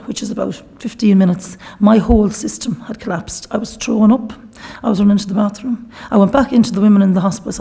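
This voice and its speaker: A woman's voice: mid-range voice, creaky, mellow, slightly rough. A middle-aged Irish woman from Galway giving a personal testimony talk at a shrine workshop, chatty and storytelling, acting out the dialogue she quotes. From Ireland. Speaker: guest speaker.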